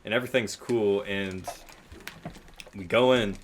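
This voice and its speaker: A man's voice: on the low side, steady tone, unhurried, slight background noise. A young man casually telling a long rambling story while playing a game, with lots of fillers and swearing.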